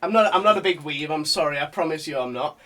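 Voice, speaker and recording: A man's voice: a little high, fast, bright, forceful tone. A man in casual podcast chat, telling a dream story animatedly, swearing and laughing as he goes. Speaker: podcast co-host.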